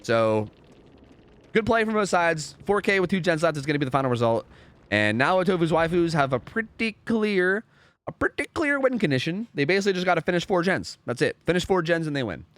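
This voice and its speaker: A man's voice: a little high, big pitch swings, brisk, a bit bright. A young man casually commentating a game live on stream, rambling, repeating himself and swearing freely.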